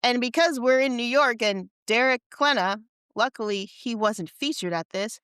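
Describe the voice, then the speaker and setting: A woman's voice: fairly high pitch, moderate pace, a bit bright, clear, resonant tone, no room sound, studio quality. A woman co-hosting a podcast, chatting casually and teasing as she recaps a game. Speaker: podcast co-host. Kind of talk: casual chat.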